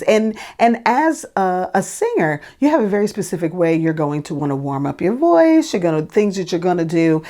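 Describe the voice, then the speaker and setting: Singer lady telling a story, kinda low voice, rambly with lots of ums. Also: warm tone. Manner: chatty, lots of fillers and restarts. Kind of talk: casual storytelling.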